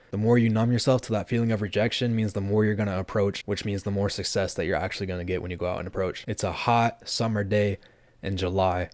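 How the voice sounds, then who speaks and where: A man's voice: on the low side, a little mellow, no echo. A brash young man in his twenties, telling a story on his vlog with lots of swearing. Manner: brash, profane, rapid-fire. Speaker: vlogger.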